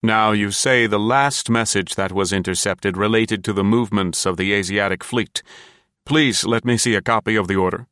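A shrewd old detective who asks pointed questions, as a male narrator puts him on. His deep voice is recorded close and dry. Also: moderate pace, fairly bright tone, dry recording, close to an everyday voice. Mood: probing. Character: shrewd older male bald investigator, probing.

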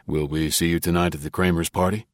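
A man playing a composed, evasive neighbor with a deep, low voice. He speaks politely but coolly and gives little away. The recording is dry and close, in audiobook style. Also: fast, no echo, natural voice. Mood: guarded. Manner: calm, polite, dry and dubious. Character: tall, guarded, evasive male neighbor.

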